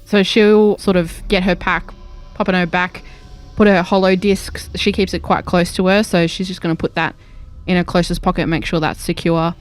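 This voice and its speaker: A woman's voice: on the low side, flat delivery, moderate pace, soft background music. A woman playing a tabletop role-playing game, describing her character in careful, casual detail. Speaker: player.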